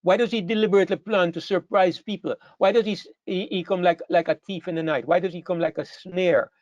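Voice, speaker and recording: A man's voice: sits high, steady tone, fast talker, no room sound, dull audio. A man preaching a sermon to a congregation, earnest and emphatic, repeating phrases as he builds to stressed points. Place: church hall with a live congregation.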